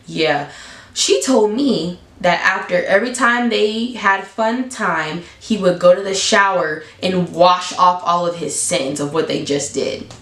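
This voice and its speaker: A woman vlogger telling a story in a casual, blunt, animated way, leaping up in pitch for emphasis. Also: roomy sound.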